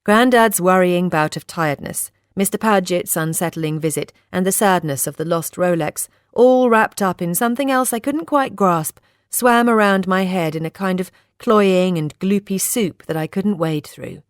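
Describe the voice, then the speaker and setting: A woman narrating a first-person novel in a measured, steady reading. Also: lowish voice, dry recording, clean studio sound. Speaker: audiobook narrator.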